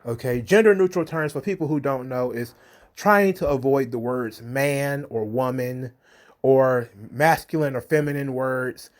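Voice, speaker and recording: A man's voice: mid-range voice, unhurried. A man hosting an opinion commentary, talking with sarcasm and scorn, slipping into a mocking sing-song when he quotes others. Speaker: commentary host.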